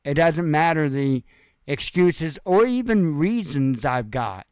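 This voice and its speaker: A man's voice: fairly high pitch, animated, slow pace, a little mellow, smooth, dry recording. A tired, sore man speaking frankly in a rambling casual monologue, swearing freely. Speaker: host.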